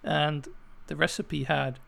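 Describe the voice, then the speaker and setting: A man co-hosting a podcast, telling stories in casual chat, halting and relaxed. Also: on the high side, creaky. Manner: relaxed storytelling, halting with fillers. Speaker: podcast co-host.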